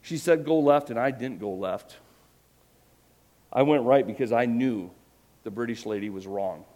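A man's voice: fairly low pitch, a little slow, mellow. A man preaching a sermon, earnest and emphatic, with self-deprecating humor. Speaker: pastor.

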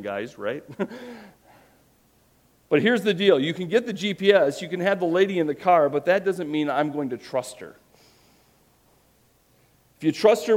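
A man's voice: a little high, a little mellow. Earnest preacher man with a light voice. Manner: earnest, with self-deprecating humor; emphatic. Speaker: pastor. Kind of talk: sermon.

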